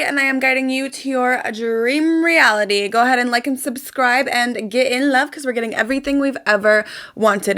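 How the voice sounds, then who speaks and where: A woman's voice: sits high, fairly bright tone. Chatty young woman vlogging. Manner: chatty, upbeat, filler-heavy. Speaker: host. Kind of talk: casual self-help vlog. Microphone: desk mic.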